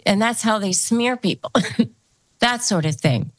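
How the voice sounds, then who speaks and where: A woman's voice: medium pitch, animated, measured pace, no echo. A woman hosting a podcast interview who gives advice in an explanatory way and repeats key phrases for emphasis. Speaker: podcast host.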